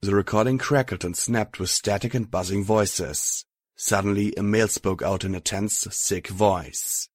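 A man narrating an audiobook in a steady first-person reading. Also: fairly low pitch, a little slow.

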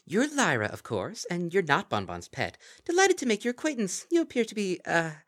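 A man's voice: high-pitched, wildly swooping pitch, brisk, fairly bright tone, voice pushed up, full character voice. A man voicing a mischievous shapeshifting female kelpie fairy in a storybook reading, gushing and mock-polite. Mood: gleeful theatrical.

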